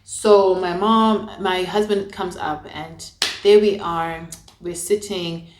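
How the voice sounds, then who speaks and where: A woman's voice: fairly even intonation, takes it slowly. A young woman telling a personal story to camera in a chatty, dramatic way. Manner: chatty, dramatic, acts out her own past lines with big pitch jumps. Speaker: vlogger. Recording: echoey room.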